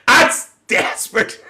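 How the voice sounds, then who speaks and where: A man's voice: very slow, bright, forceful tone, full character voice. A man with a Northern Irish accent voicing a cheeky, gossiping middle-aged auntie on a phone livestream. He chats away, reads out viewer comments, calls everyone "dear" and laughs often. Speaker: livestream host. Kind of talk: live-stream chat reading viewer comments.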